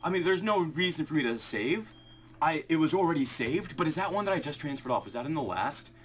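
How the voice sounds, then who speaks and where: A young man recording a vlog, swinging from ecstatic shouting and laughter to quick, low explanations, shaky and breathless with excitement. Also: slight background noise. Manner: quiet muttered counting. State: shaking with excitement, heart racing. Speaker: shiny hunting video creator. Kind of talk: excited live reaction vlog.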